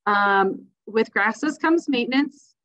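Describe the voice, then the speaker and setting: A woman's voice: a little high, animated, takes it slowly, fairly bright tone. A woman giving a casual, enthusiastic slideshow talk as a landscape design presenter, chatty with lots of fillers. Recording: dull lo-fi sound.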